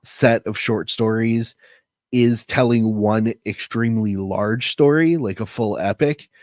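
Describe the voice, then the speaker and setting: A man's voice: fairly low pitch, measured pace, darkish tone, no echo. A man who works as an editor, talking in a casual podcast chat, thinking aloud and hunting for words. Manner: thoughtful, searching for words with fillers. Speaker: editor and literary coach.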